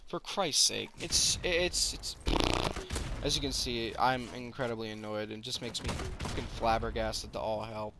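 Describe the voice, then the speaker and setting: A man's voice: medium pitch, normal speed, sharp tone, a little hiss or hum. A man ranting in an exasperated, sarcastic, profane way over gameplay footage, as the creator of the video.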